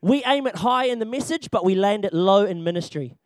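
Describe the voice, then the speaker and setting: A young man with a strikingly high voice gives a church training talk on children's ministry. He is jokey and animated, laughs often and hammers his points home by repeating them. The recording is dry and close, with no room sound. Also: brisk, no echo. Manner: repeats key points for emphasis.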